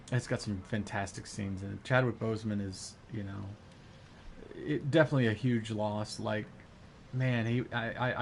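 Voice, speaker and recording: A man's voice: fairly low pitch, vocal fry, a little hiss or hum. A man chatting casually with his viewers while gaming, rambling with lots of fillers and restarts. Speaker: live streamer.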